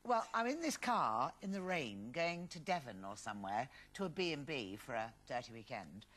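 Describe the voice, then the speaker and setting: A woman's voice: a bass voice, moderate pace. A woman panelist on a daytime talk show, telling a theatrical anecdote in casual chat. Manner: theatrical, animated storyteller.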